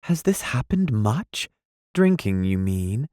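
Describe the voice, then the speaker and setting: A man reading aloud, voicing a gossipy, excitable young woman in a high, breathless voice. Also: slow, no echo, clean studio sound. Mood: distressed. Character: gushing gossipy young woman, easily moved.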